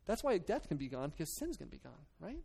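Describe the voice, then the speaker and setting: A man's voice: a little high, big pitch swings, fast, creaky, dark tone, husky. A man preaching a sermon to his church, reading scripture, then talking in a loose, earnest way with many restarts and fillers. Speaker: pastor.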